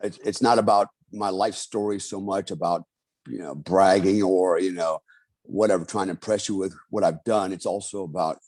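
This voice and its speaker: Low, mellow-voiced emphatic man. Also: steady tone, normal speed, dry recording. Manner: emphatic and ranting, often ending phrases with "man". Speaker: podcast guest, author and Army veteran. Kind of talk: casual conversation and storytelling.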